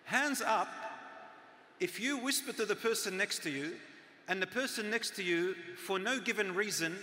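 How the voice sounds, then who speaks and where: A man in his forties giving a live talk to an audience, with loud and soft swings and near-whispered asides for emphasis. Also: sits high, normal speed, a little hiss or hum. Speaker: speaker on parenting and teaching. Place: large hall with a live audience. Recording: long hall reverb from a live talk.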